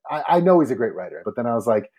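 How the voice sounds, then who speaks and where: A man co-hosting a casual podcast with a husky, mellow voice that swings widely in pitch. He tells stories with enthusiasm and acts out quoted lines as he goes. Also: sing-song, racing. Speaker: podcast co-host. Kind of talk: casual chat.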